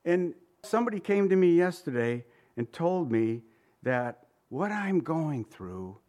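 A man's voice: fairly high pitch, big pitch swings, unhurried, dark tone. Man preaching, asking the flock questions. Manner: conversational preaching with rhetorical questions; reads scripture in old-fashioned wording. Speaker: pastor. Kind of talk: sermon.

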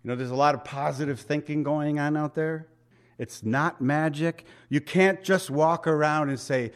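A man's voice: a little high, moderate pace. A man preaching a sermon in a conversational, emphatic way, asking the congregation rhetorical questions. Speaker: pastor.

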